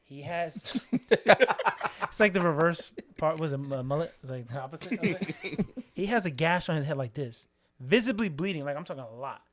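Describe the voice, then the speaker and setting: A man hosts a casual podcast and tells a story with plenty of energy. His voice sits a little high for a man. He laughs often as he talks. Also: lively intonation, normal speed, a bit bright. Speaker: podcast host.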